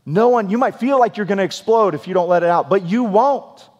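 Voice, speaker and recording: Male pastor, 40s, slightly higher voice, earnest everyday sermon delivery with repeated-word restarts, reverberant hall. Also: brisk, darkish tone, lo-fi sound. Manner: earnest, practical, often restarts with repeated words. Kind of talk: conversational sermon.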